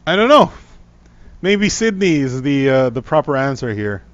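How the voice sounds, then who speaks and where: A man's voice: mid-range voice, sing-song, normal speed, no echo, lo-fi sound. A man hosting a casual tech livestream, rambling with frequent ums, restarts and trailing-off sentences.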